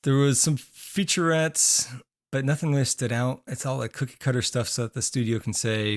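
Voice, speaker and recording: A man's voice: medium pitch, moderate pace. A man co-hosting a podcast in casual chat, rambling with fillers while losing his voice. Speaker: podcast co-host.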